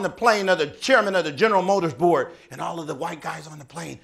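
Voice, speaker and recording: A man giving a speech, telling a story in an animated, dramatic way. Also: a little high, quick pace, vocal fry, few pauses. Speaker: speaker.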